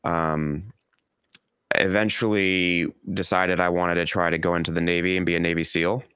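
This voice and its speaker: A congested man, a guest on a podcast, telling his story in a measured, reflective way. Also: deep voice, little pitch movement, a bit bright, smooth, no room sound, clean studio sound. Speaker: guest, performance coach. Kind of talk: casual interview chat.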